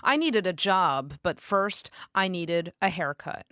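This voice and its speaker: A woman performing spoken word poetry with a deadpan, sardonic, rhythmic delivery. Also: fairly low pitch, slow pace, dry recording, studio quality.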